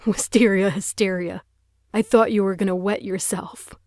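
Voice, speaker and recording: A woman's voice: medium pitch, a little fast, a little mellow, no room sound, studio quality, natural voice. Woman voicing a sneering teenage prankster boy. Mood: mocking. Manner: sneering, teasing.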